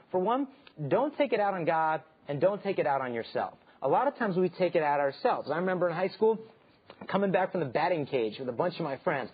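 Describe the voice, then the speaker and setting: A man in his thirties, hosting an inspirational talk show, telling lively stories and acting out the voices in them. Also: sits high, brisk, husky. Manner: animated storyteller acting out quoted voices. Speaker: host and speaker. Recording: dull lo-fi sound.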